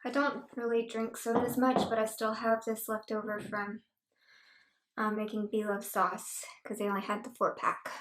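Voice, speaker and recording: A woman's voice: fairly high pitch, level tone, normal speed, a bit bright. Chatty woman eating on camera, echoey room. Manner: chatty, rambling, mouth-full murmurs of enjoyment. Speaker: mukbang vlogger. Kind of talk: casual eating chat. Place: at home. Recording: echoey room with faint noise.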